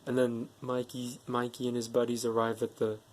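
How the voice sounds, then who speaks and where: A man's voice: mid-range voice, monotone, normal speed, a little mellow. A man recapping a movie's plot casually, stringing events together with "and then" and "like". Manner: rambling plot retelling, strings clauses with "and then" and "like". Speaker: movie reviewer.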